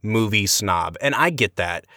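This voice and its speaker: Animated man ranting a film review. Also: a little slow, no room sound, clean studio sound. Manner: animated, emphatic, exasperated critique with big pitch swings. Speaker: podcast co-host, film reviewer. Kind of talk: casual podcast movie review.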